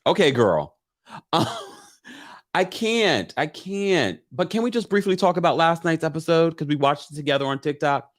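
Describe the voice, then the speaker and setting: A man's voice: fairly high pitch, animated, moderate pace. A man hosting a casual livestream recap, chatting animatedly and reading viewer comments aloud into a webcam mic. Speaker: live-stream recap host.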